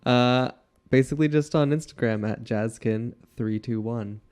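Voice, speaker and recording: Canadian guy in casual chat, quick asides, laughs easy. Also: medium pitch, a little mellow, smooth. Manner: quick interjections, laughs easily. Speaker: player and guest.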